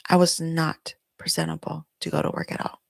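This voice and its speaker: Gravelly, flat-voiced woman telling her story. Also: low voice, fairly quick, dry recording. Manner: candid, emotional storytelling. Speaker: podcast host. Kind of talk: personal confessional monologue. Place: at home. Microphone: recording herself on video.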